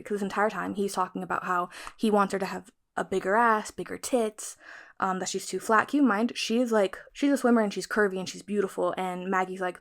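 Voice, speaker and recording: A woman's voice: medium pitch, steady tone, brisk. A young woman vlogger casually recapping a thriller novel, chatty and frank, cursing freely. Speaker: book vlogger. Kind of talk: casual chat retelling a novel.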